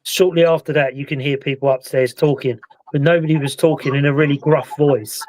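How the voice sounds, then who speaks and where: A British man hosting a casual live-stream chat about a paranormal investigation, talking in a relaxed, rambling way. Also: fairly high pitch, a little fast, slight background noise, low-quality recording. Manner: relaxed, chatty, recounts events at length. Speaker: paranormal investigator and show host.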